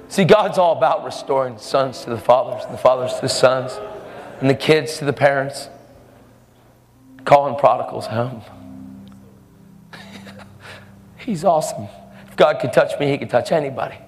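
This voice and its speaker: A man's voice: medium pitch, moderate pace, long pauses. Male preacher, earnest storyteller who acts out the people in his stories, heard in a reverberant hall over faint music. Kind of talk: sermon.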